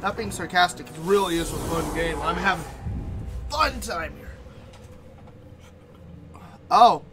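A man's voice: fairly high pitch, normal speed, noisy background. A man casually commenting as he plays a video game, chatty and thinking aloud. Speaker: gaming YouTuber. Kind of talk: let's play commentary. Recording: voice over game music.

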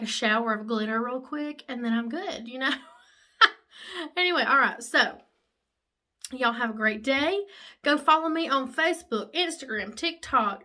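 A young-sounding woman talks through her makeup in a high, bright voice. She gushes and chatters excitedly in a casual, chatty way. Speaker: makeup vlogger. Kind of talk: casual get-ready-with-me chat.

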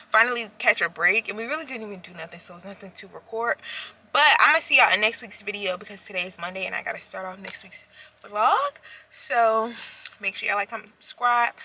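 A woman's voice: mid-range voice, sharp tone. A woman in her twenties, a nursing student, chatting casually and in a hurry to her vlog viewers. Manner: chatty, rushed, addresses viewers as y'all. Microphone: compact camera. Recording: echoey room with clear background noise.

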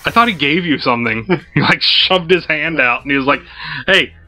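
A man's voice: on the high side, fairly quick, bright, forceful tone. A man casually co-hosting a let's play, joking and laughing often while reading game text aloud. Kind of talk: casual gaming chat. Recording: dull lo-fi sound with game music.

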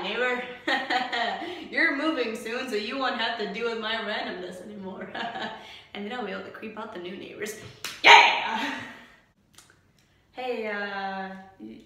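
A young woman with a bright, fairly high voice jokes and mocks herself in casual vlog chat. Her voice rings around a bare, empty room with strong echo. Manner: joking, self-mocking, laughs often. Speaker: vlogger. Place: empty glass-doored breezeway indoors.

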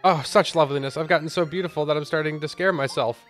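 A man's voice: fairly high pitch, fairly even intonation, fast, a bit bright, pitched above the performer's own voice, lightly acted. A conceited flower woman preens over her own beauty in a raised, lofty voice, put on by a man reading a game aloud. She is pompous and self-centered, with game music faint behind her. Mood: vain, haughty. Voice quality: haughty, preening. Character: vain, selfish female rose flower, pompous.

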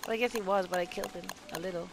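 A woman's voice: on the low side, racing. A woman hosting a solo let's play, chatting to the game's characters and gasping and laughing when things go wrong. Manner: chatty, talks to game characters, gasps and laughs at mishaps. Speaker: gameplay channel host. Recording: clear game noise underneath. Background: game ambience and sound effects.

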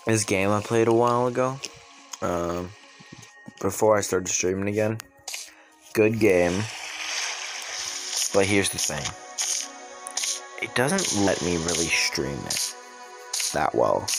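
Young man, gaming streamer, very low voice, unhurried, muttering commentary, music in background. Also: lively intonation, low-quality recording. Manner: mutters and swears at the game. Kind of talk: casual gameplay commentary. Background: game music.

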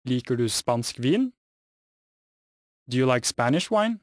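A man's voice: mid-range voice, very animated, a little slow, no room sound, clean studio sound. A man with a Norwegian accent teaching a scripted language lesson, saying each phrase carefully and then translating it. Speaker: language teacher, voices Jan.

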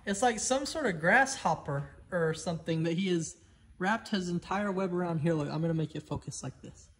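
A man vlogging outdoors on his farm, chatty and excitable as he coaxes his animals. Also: sits high, moderate pace, a little hiss or hum. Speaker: homestead vlogger. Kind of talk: casual vlog chat.

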